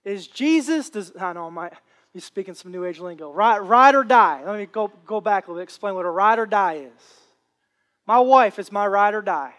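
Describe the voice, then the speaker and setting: A man's voice: high-pitched, animated, moderate pace, a bit bright. A man preaching a sermon with impassioned, repetitive phrasing. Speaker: pastor.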